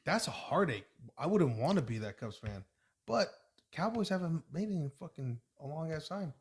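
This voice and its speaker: A slightly high-voiced man chatting about sports on a podcast. He tells his stories excitedly and swears freely. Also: normal speed. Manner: excited storytelling, frequent swearing. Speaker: podcast co-host. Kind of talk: casual sports chat.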